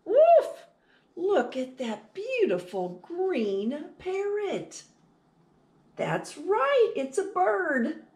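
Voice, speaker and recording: A woman hosting a children's storytime, reading a picture book aloud in an animated sing-song way and talking directly to young listeners. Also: very high-pitched, drawn-out words.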